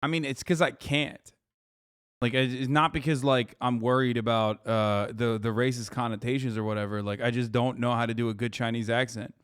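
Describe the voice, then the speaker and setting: A man hosting a stream, reacting to a show in loose, profane, animated chat. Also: medium pitch, fairly quick, clear, resonant tone, no echo, clean studio sound. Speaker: streamer host.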